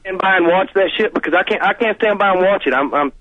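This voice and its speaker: A man's voice: sits high, fast talker, no echo. A male caller from Arkansas, agitated and angry, talking in stumbling bursts. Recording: tinny phone line.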